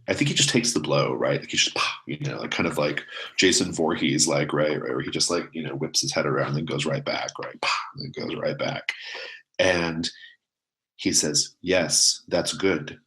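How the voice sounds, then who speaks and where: A man's voice: rumbling low, moderate pace, a bit bright, rough recording. A man narrating as game master of a tabletop role-playing game, in a loose, filler-heavy way.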